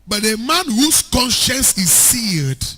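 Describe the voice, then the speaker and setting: Preacher man, high bright voice, kinda husky, lively sermon that climbs into shouting. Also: takes it slowly. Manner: animated preaching, shouting at peaks, mixing in Pidgin. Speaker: pastor.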